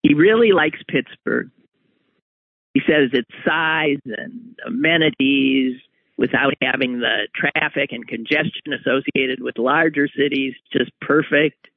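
A man's voice: medium pitch, fairly even intonation, measured pace, no room sound. A man hosting a talk show, giving a wry, emphatic opinion monologue with sudden rises on key words. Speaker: radio talk host. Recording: tinny phone-like radio audio.

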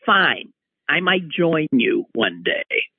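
A man's voice: fairly high pitch, very animated, takes it slowly, vocal fry, husky, dry recording. Wry male talk host, tinny sound. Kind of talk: opinionated monologue. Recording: tinny phone-like radio audio.

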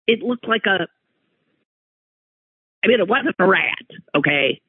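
A man telling a personal anecdote in an animated, exclaiming way, breaking off and restarting mid-sentence. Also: high voice, a little slow, long pauses, husky, no room sound. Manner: animated, exclaiming, self-interrupting. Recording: tinny phone-like line, dry.

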